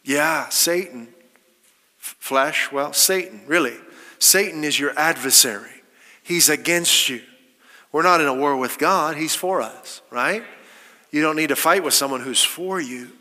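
A man's voice: a little high, unhurried, sharp tone, long reverb tail. A man preaching a sermon, quoting scripture and asking his listeners rhetorical questions with emphasis.

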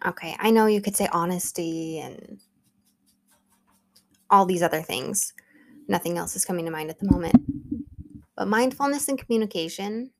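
Gravelly-voiced woman coaching her listeners. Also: fairly low pitch. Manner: earnest and conversational, coaching listeners directly. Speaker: podcast host. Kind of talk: solo podcast talk, motivational.

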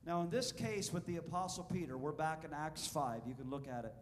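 A man preaching an animated sermon to a congregation in a church, telling a story and asking his listeners questions. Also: on the high side, brisk, long reverb tail. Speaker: pastor. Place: church sanctuary.

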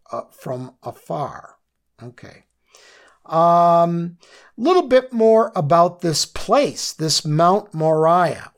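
A slow-speaking man leads a Bible study lesson with a gravelly, creaky voice. He tells listeners what to underline and circle, often checking in with "okay?". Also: a little high.

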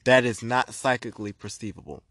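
A man's voice: medium pitch, fairly even intonation, brisk, a bit bright, dry recording. Blunt, profane man ranting. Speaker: spiritual reader and podcast host. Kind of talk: ranting podcast monologue.

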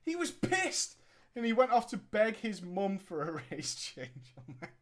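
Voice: mid-range voice, sing-song, measured pace. A storyteller reading a gaming story aloud and riffing on it sarcastically, swearing and laughing at it. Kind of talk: comedic story reading with commentary.

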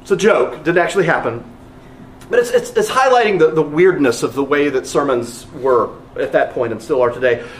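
A man's voice: fairly high pitch, brisk, reverberant, slight background noise. A man preaching a sermon as pastor, earnest and emphatic, repeating phrases for weight.

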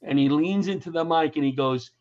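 Middle-aged New man, high voice, animated storyteller, dull lo-fi recording. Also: a little fast. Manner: animated storyteller, acts out quotes in raised voice. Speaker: guest comedian and former firefighter. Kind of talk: storytelling in casual interview chat.

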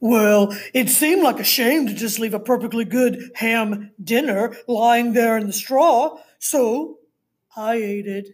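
A woman voicing a sly male wolf in a read-aloud storybook, who calmly explains away his misdeeds. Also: a little high, takes it slowly, husky. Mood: self-justifying. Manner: innocent, self-justifying storybook wolf. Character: sly male big bad wolf, smooth excuse-maker.

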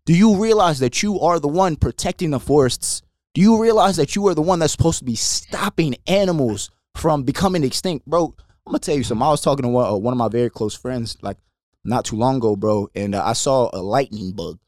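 A man's voice: medium pitch, brisk, dry recording. Fired-up preachy man, dry sound. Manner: animated, preachy, says "bro" constantly. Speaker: podcast co-host. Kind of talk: passionate faith discussion.

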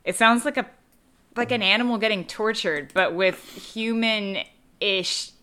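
A woman on a casual podcast, talking animatedly about a movie. She sounds amused and exaggerates for effect, and her voice is bright and sharp. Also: mid-range voice, unhurried. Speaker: podcast co-host. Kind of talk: casual chat reviewing a movie.

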